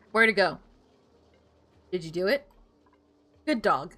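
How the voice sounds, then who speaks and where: A woman's voice: medium pitch, animated, a little slow, pauses often, fairly bright tone. A woman streaming a game, chatting casually, muttering to herself and breaking into playful outbursts.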